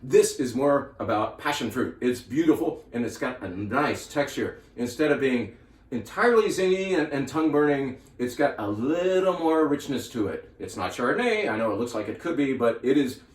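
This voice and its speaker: A man's voice: medium pitch, animated, normal speed, recorded from a distance. A man hosting a casual video for his wine shop, chatty and enthusiastic, laughing at himself now and then. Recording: roomy echo, from off-mic.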